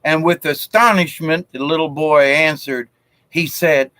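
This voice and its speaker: A man's voice: fairly high pitch, fairly even intonation, measured pace, sharp tone, no echo, poor audio. A man from South Georgia, telling jokes in a folksy, chuckling way on a live stream. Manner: folksy and chuckling, with frequent fillers. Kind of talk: casual joke-telling chat.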